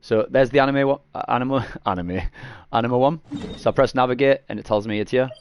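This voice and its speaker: A man's voice: medium pitch, quick pace, no echo, muffled recording. A man casually walking viewers through a game, rambling and correcting himself, with a cough that keeps interrupting. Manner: rambling, self-correcting, frequent coughs and throat clearing. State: coughing after eating garlic. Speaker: gaming streamer. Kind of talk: casual gameplay tutorial.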